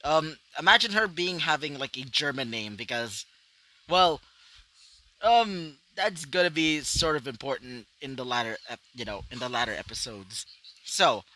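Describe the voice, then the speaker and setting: A man's voice: medium pitch, animated, normal speed, bright, forceful tone, low-quality recording. A man narrating his own fan story off the cuff, rambling with many fillers. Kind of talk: improvised fanfiction storytelling.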